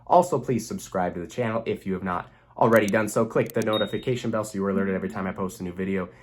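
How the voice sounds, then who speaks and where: A man's voice: sits low, racing, a little hiss or hum. A young man speaking earnestly as a relationship coach, giving a motivational self-help talk to the camera and repeating phrases for emphasis.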